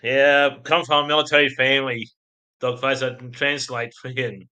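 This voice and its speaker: Bright-voiced Australian man streaming. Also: medium pitch, level tone, normal speed. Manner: rambling, chatty, laughs at chat. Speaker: livestream host. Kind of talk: casual livestream chat.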